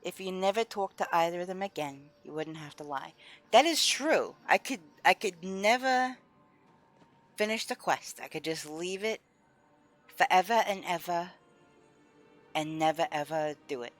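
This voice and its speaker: A woman's voice: on the low side, normal speed, faint music behind. A woman live-streaming a game, chatting casually with her viewers and openly voicing her frustration.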